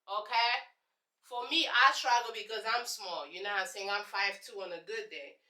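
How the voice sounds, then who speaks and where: A woman's voice: mid-range voice, moderate pace. Sassy Congolese woman telling stories. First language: Lingala. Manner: sassy, sarcastic, animated storyteller. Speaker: vlogger. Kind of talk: casual storytelling to camera. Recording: echoey room, voice off-mic.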